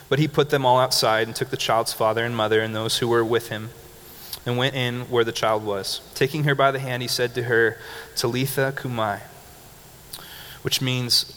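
A young man gives a lively, conversational sermon and often breaks into laughter as he preaches. His voice sits in a middle register and carries a long reverb from the hall, with faint noise behind it. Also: mid-range voice, moderate pace. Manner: animated and conversational, laughing often, leading call-and-response.

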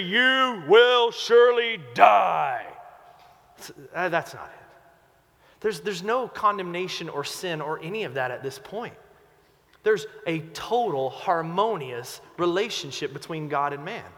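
Pastor, male, higher pitch, earnest conversational preaching, echo of a hall. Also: fairly bright tone. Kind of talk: sermon.

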